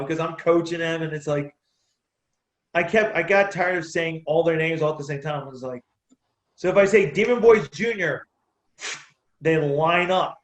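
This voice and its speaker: A man's voice: a little high, normal speed, long pauses. A man who boxes and coaches kids, telling stories in a casual interview, laughing and restarting his sentences. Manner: animated, laughs between anecdotes, restarts sentences. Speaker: amateur boxer and youth boxing coach. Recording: roomy echo.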